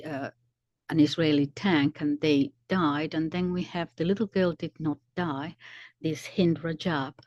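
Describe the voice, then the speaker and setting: A woman commentator explaining events slowly, often pausing to search for words. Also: low voice, a little mellow, dry recording, dull audio. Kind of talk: commentary video.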